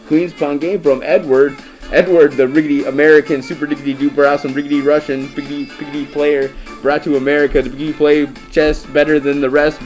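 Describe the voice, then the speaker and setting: Fast goofy man spouting rhyming nonsense. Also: a little mellow. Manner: nonsense rhyming fillers and sudden squeaky falsetto yelps. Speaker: chess commentator. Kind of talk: absurd rhyming chess commentary.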